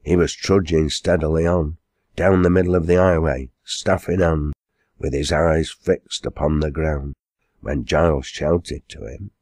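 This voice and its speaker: A man narrating an audiobook in measured storytelling. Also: rumbling low, fairly even intonation, a little mellow, no echo, clean studio sound. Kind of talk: scripted narration.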